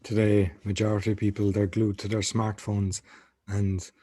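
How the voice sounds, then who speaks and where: Low, flat-voiced male podcast host. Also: moderate pace, husky, dry recording. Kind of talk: podcast interview talk.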